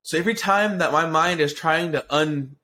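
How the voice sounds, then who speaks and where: A man's voice: on the high side, normal speed, slight background noise. A man co-hosting a casual podcast, telling a long rambling story full of swearing, restarts and fillers. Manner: excitable, profane storyteller. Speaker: podcast co-host.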